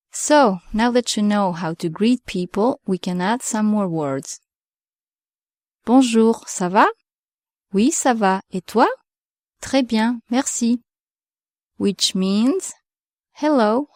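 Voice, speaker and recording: A woman gives a beginner language lesson at a very slow, deliberate pace. She says each word carefully so that learners can repeat after her. The sound is dry and close, with no room echo. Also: medium pitch, warm tone. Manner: slow, careful pronunciation drills. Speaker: French teacher.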